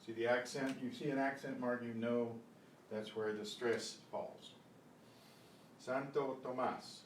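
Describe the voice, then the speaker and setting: A man teaching a beginners Spanish class, patiently repeating words slowly for pronunciation drills. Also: fairly even intonation. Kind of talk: beginner language lesson. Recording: echoey room, voice from a distance, faint rumble.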